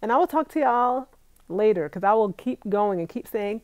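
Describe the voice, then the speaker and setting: A woman's voice: medium pitch, normal speed, darkish tone, smooth, dry recording. Chatty woman vlogger reading live comments. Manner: chatty, laughs often, talks straight to viewers. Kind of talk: casual live-stream chat.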